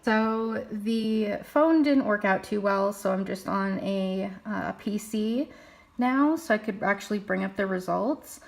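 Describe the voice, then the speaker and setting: Young woman, casual vlog chat, thinking aloud, slight vocal fry, mid pitch. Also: unhurried. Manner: chatty, thinking aloud while reading results. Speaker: vlogger.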